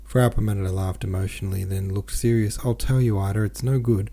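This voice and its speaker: A man reading a novel aloud as a podcast host, in a gentle, even storytelling manner with soft voices for the characters. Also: lowish voice, fairly quick. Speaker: audiobook reader.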